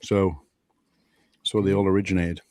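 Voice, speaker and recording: A man's voice: low voice, flat delivery, normal speed, darkish tone, dry recording. Teasing man, dry close sound. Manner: crude, teasing, swears freely. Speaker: podcast host. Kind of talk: casual banter.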